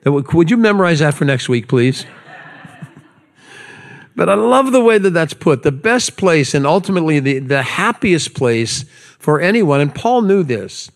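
A man's voice: a little high, big pitch swings, normal speed. A man preaching a sermon as pastor, conversational, with repetitions and light humor.

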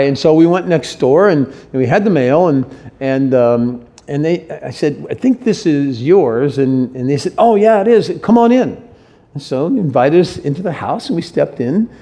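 A man's voice: fairly high pitch, a little mellow. A middle-aged man preaching a sermon as pastor, speaking earnestly and tenderly with frequent restarts.

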